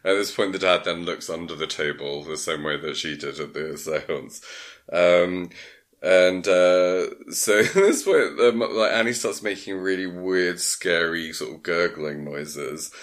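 Low-voiced man recapping rambly. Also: measured pace, a bit bright. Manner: rambling, full of "um" and "like". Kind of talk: casual chat, film plot recap.

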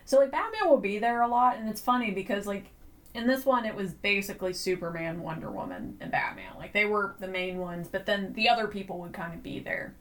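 Woman podcast co-host, mid pitch, relaxed chuckling chat, lots of fillers, mic some distance away. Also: a little fast. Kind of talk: casual chat.

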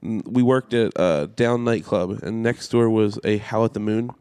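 A man's voice: lowish voice, steady tone, normal speed, dark tone, clear, resonant tone. A male comedian from the United States, a guest on a podcast, telling a dramatic, swear-filled story. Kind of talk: casual podcast chat.

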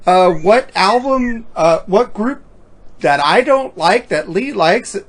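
A high-voiced man talks slowly in a casual chat. He keeps teasing his friend and laughs often. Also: animated. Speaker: podcast co-host.

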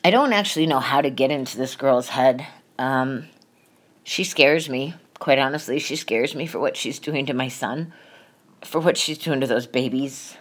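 A woman's voice: a bass voice, moderate pace. A middle-aged woman hosting a podcast, telling a painful family story in a candid, emotional way and swearing freely. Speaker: podcast host. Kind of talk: personal confessional monologue.

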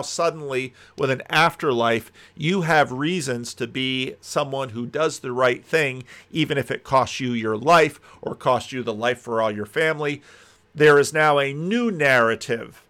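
A man's voice: medium pitch, measured pace, a bit bright. A man teaching through a Bible passage in a conversational video commentary, musing aloud and landing emphatic punches.

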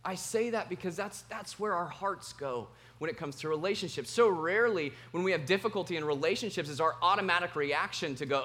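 A man preaching a sermon as pastor, telling a personal story in an animated, self-mocking way. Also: high voice, brisk, few pauses.

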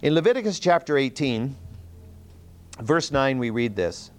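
Male Bible teacher, middle-pitched, very lively intonation, earnest verse-by-verse explainer. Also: a little slow. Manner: earnest, explanatory, reads Scripture aloud with emphasis; self-correcting, with restarts and fillers.

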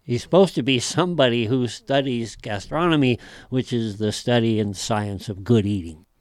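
Man, host, wry, laughing asides, mid pitch, dry close sound. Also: moderate pace, no echo. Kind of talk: casual chat, reading notes aloud.

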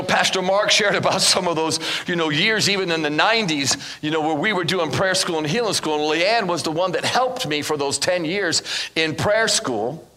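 A man preaching as a guest minister in church, animated and acting out dialogue as he tells stories. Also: a little high, in a large hall. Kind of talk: sermon with storytelling. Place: church in front of a congregation.

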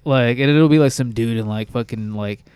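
A young man on a podcast, chatting in a loose, laid-back way with lots of swearing and filler words. His voice is smooth and clear, recorded close and dry with no room sound. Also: mid-range voice, moderate pace, a little mellow, no room sound. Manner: laid-back, swears a lot, says "like" and "dude" constantly. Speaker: podcast co-host. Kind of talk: casual podcast chat.

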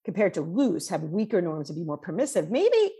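Chatty, husky-voiced woman psychologist. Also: fairly low pitch, fairly quick. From New York. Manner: animated, chatty storytelling with fillers. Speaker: cross-cultural psychologist guest. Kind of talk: conversational interview.

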